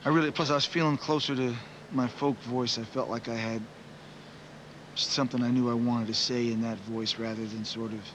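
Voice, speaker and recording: A man's voice: mid-range voice, fairly even intonation, moderate pace, lo-fi sound, noisy background. A man in his forties, a musician, giving rambling, reflective interview answers full of "you know" fillers.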